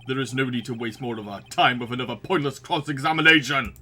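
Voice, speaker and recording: A man's voice: medium pitch, steady tone, fast talker, pushed and bright. A man voicing an arrogant, dismissive male prosecutor in a courtroom game. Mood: haughty. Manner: haughty, curt.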